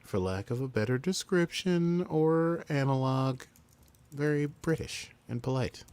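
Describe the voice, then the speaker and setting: A man's voice: medium pitch, a little slow, darkish tone, smooth. A man co-hosting a podcast, chatting casually as he recaps a story and mimics the characters. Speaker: podcast co-host.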